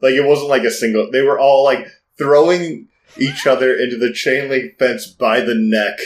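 A man co-hosting a podcast in casual chat, animated and defensive, laughing often. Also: mid-range voice, moderate pace, echoey room, low-quality recording. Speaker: podcast co-host. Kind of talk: casual wrestling recap chat.

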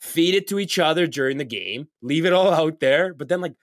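A man's voice: a little high, animated, a little fast, dry recording, studio quality. Profane, rambling young man on a podcast. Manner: loose, profane, heavy with filler "like". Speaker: podcast co-host. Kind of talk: casual chat. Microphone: podcast mic.

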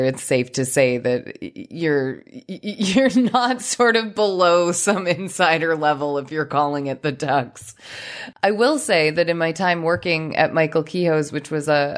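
Female co-host, low register, relaxed chatty delivery with frequent laughs and fillers. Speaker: podcast co-host. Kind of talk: casual chat.

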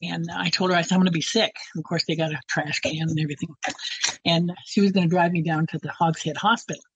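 A woman with a husky voice telling a personal story in a rambling way, full of fillers and restarts. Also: fairly low pitch, fairly even intonation, fast talker, no room sound, lo-fi sound. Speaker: interviewee.

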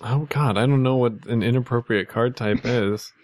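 A man playing a tabletop game, joking in a dry, deadpan way. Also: medium pitch, normal speed. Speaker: player. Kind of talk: tabletop role-play chat.

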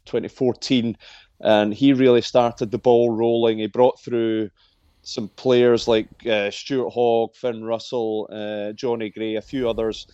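A man's voice: mid-range voice, little pitch movement, dark tone, smooth, dry recording. Scottish man on a dull remote line. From Scotland. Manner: measured, with frequent "uh" fillers. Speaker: guest journalist and presenter. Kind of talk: radio interview.

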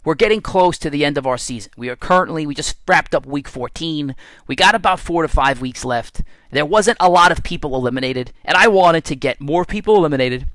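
A man hosting his own fitness podcast, telling stories in a casual, animated way and laughing at himself now and then. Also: on the high side, dry recording. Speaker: podcast host and strength coach. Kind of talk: casual solo podcast monologue.

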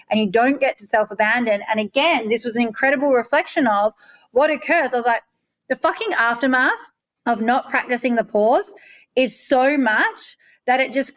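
Aussie woman coach telling a story, blunt and emphatic, voice a bit high, swears casually. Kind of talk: personal storytelling monologue.

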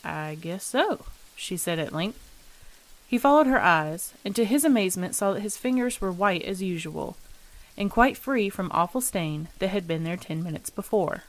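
A woman reading a ghost story aloud in a measured, even storytelling voice. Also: medium pitch. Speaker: story reader.

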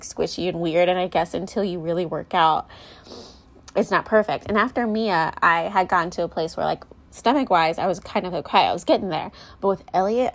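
A young mother chats candidly on camera, her voice sitting a little low for a woman. She rambles and restarts, sprinkling in likes and ums as she confides her insecurities, close to tears. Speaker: mom vlogger. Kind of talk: candid personal vlog chat.

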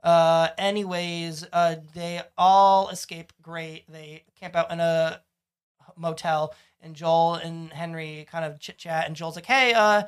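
A man with a smooth voice on the high side speaks slowly, with little pitch movement, while co-hosting a podcast. He recaps a TV episode casually, rambling, swearing, and acting out show lines in different voices.

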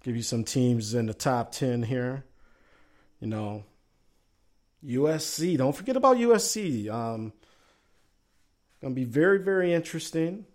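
A man's voice: medium pitch, animated, a little slow, pauses often. A man with a Southern accent hosting a casual sports talk show, musing aloud and reading chat messages in a folksy, drawling way.

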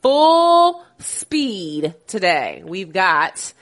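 A woman's voice: medium pitch, sing-song, extremely slow. A woman hosts a laid-back sports podcast in a chatty, playful way. A cold has left her voice stuffy and nasal. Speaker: podcast host. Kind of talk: casual sports podcast chat.

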